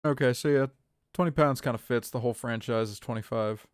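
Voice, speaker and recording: A man's voice: medium pitch, steady tone, normal speed, gravelly, smooth, no echo, clean studio sound. A man in his thirties streaming a game live, chatting in a rambling way with his viewers between moves. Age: 30s. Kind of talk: live gameplay commentary.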